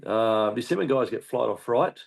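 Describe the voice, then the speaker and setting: A man with an Australian accent, a hunting guest telling a story in casual chat, animated and swearing often. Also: mid-range voice, normal speed, creaky. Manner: animated, swears often, acts out shouted quotes. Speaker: guest hunter.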